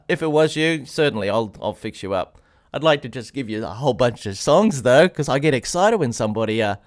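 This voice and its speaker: An Australian man teaching piano on a live stream, chatting and encouraging viewers and greeting them by name. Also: fairly high pitch. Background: piano playing.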